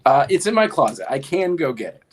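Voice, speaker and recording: A man's voice: a little high, sing-song, a little fast, a little hiss or hum. A man in a casual podcast chat, talking hesitantly with many ums and restarts as a fantasy league player.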